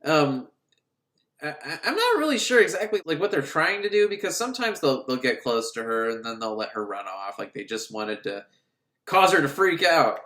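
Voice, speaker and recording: A man's voice: on the high side, normal speed. A man giving a casual, sarcastic film recap, acting out scenes as he goes. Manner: sarcastic, animated, acts out scenes. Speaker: film reviewer. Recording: roomy echo.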